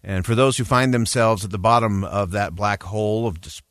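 Earnest low-voiced man giving a public address. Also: fairly bright tone, no room sound, studio quality. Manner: measured and emphatic, with frequent "uh" fillers. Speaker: public speaker on a news broadcast.

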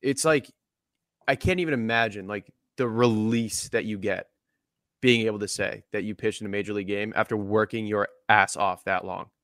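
A man joining a casual sports podcast, talking earnestly and filling pauses with "like". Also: fairly low pitch, a bit bright, dry recording, studio quality. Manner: earnest, lots of "like".

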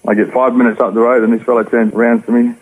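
An Australian man tells his story at a rapid clip, his low voice husky and rough. He talks in slang and plain words. The sound is thin and tinny, as over a phone line. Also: level tone. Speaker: interview guest. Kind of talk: personal testimony.

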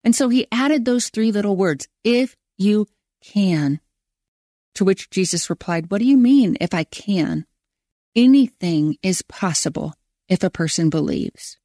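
A woman's voice: mid-range voice, animated, normal speed, dark tone, no echo, clean studio sound. Earnest woman reading a devotional. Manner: earnest, drawing out key words. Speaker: podcast host.

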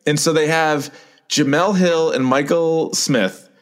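Male podcast co-host, slightly high pitch, sarcastic and animated in casual chat. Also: takes it slowly. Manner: animated, sarcastic, acts out mocking quotes.

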